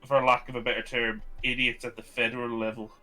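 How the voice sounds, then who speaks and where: A young man rambles through a casual chat, laughing and swearing as he goes. His voice is bright and forceful, and faint music plays behind him. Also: mid-range voice, flat delivery, brisk. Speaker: co-host.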